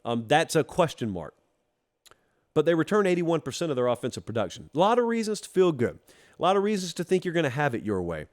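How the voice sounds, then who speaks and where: A man from Georgia hosting a college football show, talking straight to the fans in a teasing, animated monologue. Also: a little high, fast talker. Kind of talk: casual opinion monologue.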